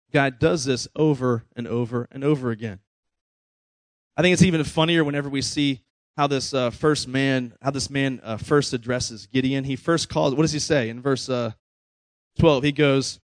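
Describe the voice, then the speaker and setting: A man's voice: on the high side, dry recording. A man preaching a sermon in a conversational way, often checking in with his listeners. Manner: conversational preaching, frequent "right?" asides. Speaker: pastor.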